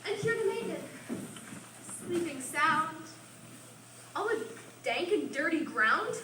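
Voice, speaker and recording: A sly, mischievous fairy sprite, as a woman plays him on stage, delivering hushed verse in a high, unhurried voice. The sound is echoey and taken from far off, with steady background noise. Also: heavily acted. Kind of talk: amateur stage acting.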